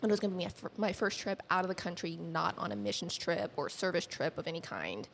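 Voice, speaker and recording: A woman's voice: fast talker, gravelly. Chatty woman guest acting out her stories. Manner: animated, acts out quoted dialogue with lifted pitch; chatty, uses many fillers like "like". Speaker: podcast guest. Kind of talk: casual conversational storytelling.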